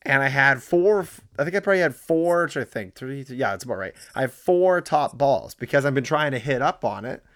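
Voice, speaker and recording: A man's voice: mid-range voice, expressive, a little fast, few pauses, a bit bright, dry recording, studio quality. A man co-hosting a sports podcast, rambling and self-deprecating in casual chat, with many restarts. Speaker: podcast co-host.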